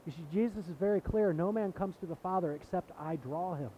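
A man's voice: fairly quick, mellow. A man preaching a sermon in an earnest way, building to impassioned emphasis with repeated phrases. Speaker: pastor. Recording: dull lo-fi sound with faint rumble.

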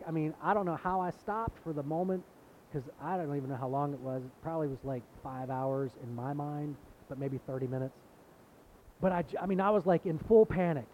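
Earnest male preacher, dull lo-fi sound. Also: normal speed. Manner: earnest, building to impassioned emphasis with repeated phrases. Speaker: pastor. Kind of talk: sermon. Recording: dull lo-fi sound with faint rumble.

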